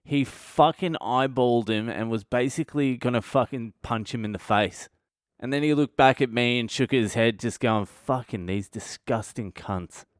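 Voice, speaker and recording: A man's voice: medium pitch, moderate pace, clear, resonant tone, dry recording, studio quality. A man in his thirties with an Australian accent, hosting a podcast and telling a blunt, profane, self-mocking comic story. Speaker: comedian podcast host.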